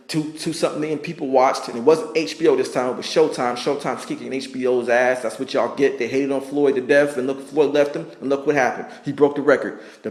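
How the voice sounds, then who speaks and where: A man rants fast and hard, stacking emphatic points and swearing as he argues. His voice sits at an ordinary middle pitch. The sound bounces around an echoey room. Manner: emphatic, repetitive, profane, argumentative. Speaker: vlogger ranting about sports. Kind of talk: heated casual rant.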